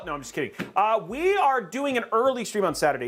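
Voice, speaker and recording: High-voiced man hosting a jokey stream. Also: big pitch swings, fast, few pauses, fairly bright tone. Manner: jokey and upbeat, rambling with fillers. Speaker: livestream host. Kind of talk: casual livestream chat.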